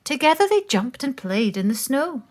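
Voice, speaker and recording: A woman reading a children's picture book aloud, with slow, expressive storytelling. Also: high-pitched.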